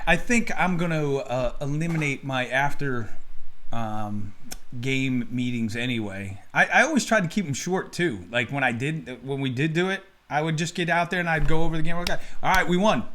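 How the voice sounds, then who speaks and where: A middle-aged man with a slightly high voice, chatting casually as co-host of a baseball talk show. He tells lively stories from coaching kids and acts out the voices of the people in them. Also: moderate pace, slight background noise. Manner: animated storyteller who acts out quotes. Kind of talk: casual chat.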